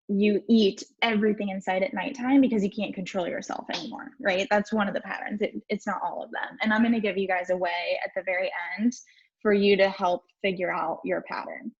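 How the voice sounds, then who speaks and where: A young woman coach speaks frankly to her viewers, swearing now and then as she tells her story. Her voice is husky and breathy, and the stream audio sounds dull and lo-fi. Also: medium pitch. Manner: frank, swears casually, talks straight to viewers. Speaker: life coach. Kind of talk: candid personal story on a live stream.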